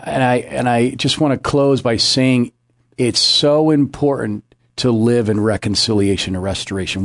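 A man's voice: mid-range voice, no room sound, studio quality. A man, a pastor, giving an earnest devotional message and repeating key phrases for emphasis. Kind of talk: devotional preaching.

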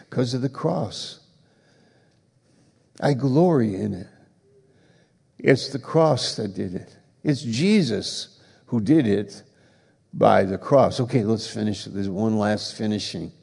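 A man preaching a sermon, slow and emphatic, building to forceful passages. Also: medium pitch, vocal fry, husky, in a large hall. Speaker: pastor.

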